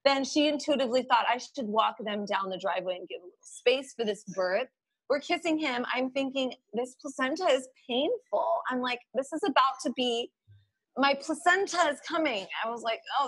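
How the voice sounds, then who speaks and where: A woman guest telling a story in a casual, animated way, laughing often and quoting her own thoughts aloud. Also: high voice, breathy edge, no echo, rough recording. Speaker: podcast guest.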